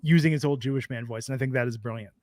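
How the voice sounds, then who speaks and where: A man's voice: mid-range voice, very fast, a little mellow, dry recording, clean studio sound. A man co-hosting a podcast in casual chat, a rambling storyteller who laughs often. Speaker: podcast co-host.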